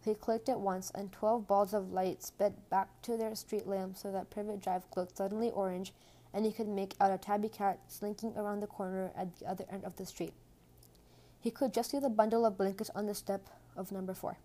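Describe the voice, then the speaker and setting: A woman reading a children's storybook aloud in a gentle, hushed manner. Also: medium pitch, little pitch movement, normal speed. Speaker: audiobook reader. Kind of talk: storybook narration.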